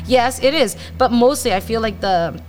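A woman talking casually on a Christian podcast, chatty and animated, full of "like" fillers. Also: on the high side, normal speed, slight background noise.

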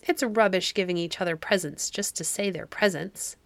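A woman's voice: on the low side, moderate pace, dry recording, natural voice. A woman reading a storybook aloud, voicing a bored, spoiled little girl who speaks petulantly. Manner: petulant, then softly whispering. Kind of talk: audiobook reading.

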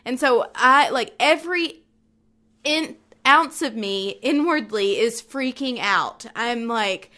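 A young adult woman with a high, crisp voice tells an embarrassing story in casual chat. She is animated and self-mocking, laughs often and acts out what she said. The sound is bright and lively. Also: slow pace.

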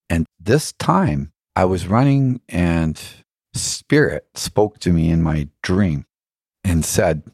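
Low husky man musing earnestly. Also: darkish tone, no room sound, clean studio sound. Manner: earnest, musing, asks himself questions. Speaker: interview guest. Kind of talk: reflective spiritual storytelling.

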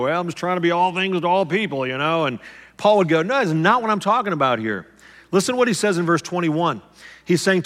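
A man's voice: on the high side, a bit bright, big-room sound. A male pastor preaching a conversational sermon that acts out the voices he quotes.

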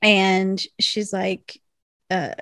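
A woman in her thirties, a podcast co-host, recapping a TV episode in casual, animated chat. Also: mid-range voice, very slow, no echo, studio quality. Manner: animated storytelling, acts out quotes with laughs.

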